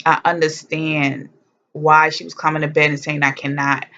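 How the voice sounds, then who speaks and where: Woman vlogger, lower register, candid and comic, curses freely; dull lo-fi audio. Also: level tone, moderate pace, a bit bright. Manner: humorous, blunt, swears freely. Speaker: vlogger telling her birth story. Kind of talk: candid personal storytelling. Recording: dull lo-fi sound.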